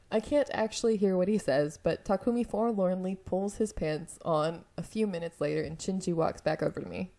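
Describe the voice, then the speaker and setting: A young woman narrates a dating game for her viewers, her voice mellow and a little hoarse. She keeps breaking off to laugh and react, in an even middle pitch. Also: normal speed, few pauses. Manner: giggly, breaks off to laugh and comment. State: slightly hoarse throat. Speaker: let's-play video creator. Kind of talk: reading an otome game aloud.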